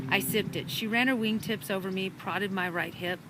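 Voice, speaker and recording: A woman reading a children's storybook chapter aloud with an animated, dramatic delivery, recorded outdoors in a park. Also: mid-range voice, moderate pace. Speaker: storybook reader. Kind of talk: expressive storybook narration. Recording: outdoor park with traffic noise.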